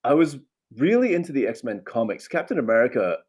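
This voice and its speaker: A man in his thirties from Australia, an actor chatting casually in an interview from home, animated, laughing often and restarting sentences. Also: medium pitch, brisk, husky. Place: home with a loft.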